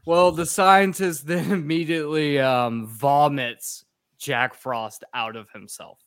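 A man's voice: a little high, steady tone, slow, fairly bright tone, clear, resonant tone, no echo, studio quality. A man co-hosting a podcast, recapping a movie in a profane, jokey way. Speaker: podcast co-host.

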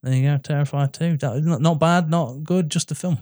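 A man co-hosting a casual film podcast, talking about a horror movie with emphatic, excitable delivery. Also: fairly quick. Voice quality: animated, emphatic, rising pitch when excited. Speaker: podcast co-host. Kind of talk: casual film review chat.

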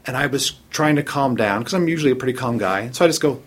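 A man telling a long, funny story in casual conversation, animated and self-mocking, laughing at his own jokes. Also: mid-range voice, quick pace, breathy edge. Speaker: storyteller on a chat show.

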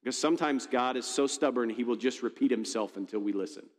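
A man's voice: mid-range voice, fast talker. Conversational male pastor in reverberant church. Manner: conversational, storytelling, frequent restarts. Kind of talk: sermon. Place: church auditorium. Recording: long reverb of a large church hall.

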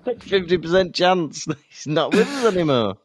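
A man's voice: high-pitched, very animated, no room sound. Playful man bantering on a podcast. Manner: playful, eager listener, quick banter. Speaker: podcast co-host. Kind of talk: casual chat.

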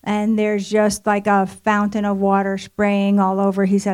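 A woman's voice: medium pitch, monotone, normal speed, few pauses, darkish tone. Woman sharing a church testimony. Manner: conversational storytelling with many fillers. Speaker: speaker at marriage ministry event. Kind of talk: personal testimony sermon. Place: church event hall.

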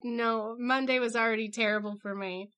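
A middle-aged woman co-hosting a podcast, chatting casually with quick, wry joking asides. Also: a little high, fairly even intonation, a bit bright. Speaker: podcast co-host.

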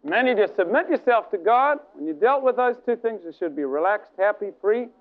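A male preacher with a high voice delivers a lively, dramatic sermon, speaking a little fast and acting out scenes with his listeners. The recording is thin and tinny, like an old phone line.

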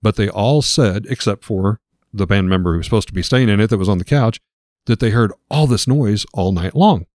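A man's voice: lowish voice, a little fast, a little mellow, no echo, studio quality. Man telling a story in a rambling way. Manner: rambling, filler-heavy retelling of a ghost story. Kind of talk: casual storytelling.

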